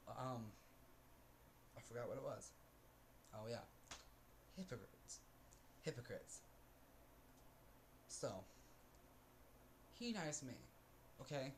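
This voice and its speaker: A man's voice: mid-range voice, a little hiss or hum. Aggrieved man ranting with heavy sighs. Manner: rambling with restarts and fillers. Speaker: vlogger. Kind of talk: casual storytelling rant.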